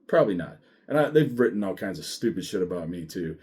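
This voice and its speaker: A middle-aged man, a former sheriff's deputy, telling his story in a blunt, profane and animated way. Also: low voice, quick pace, husky. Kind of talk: casual storytelling monologue.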